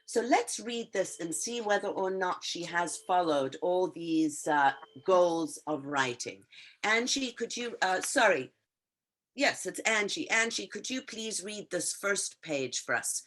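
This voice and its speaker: A woman teacher with a slightly low voice, encouraging her students in an online writing class. She explains step by step, pausing on fillers and correcting herself. The sound comes through a video call. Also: expressive, a bit bright.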